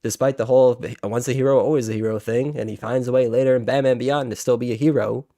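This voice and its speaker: A man's voice: mid-range voice, fairly even intonation, fast, mellow, no echo. A man in his twenties with a heated, profane, exasperated way of talking as he hosts a reaction video. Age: 20s. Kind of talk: ranting reaction commentary.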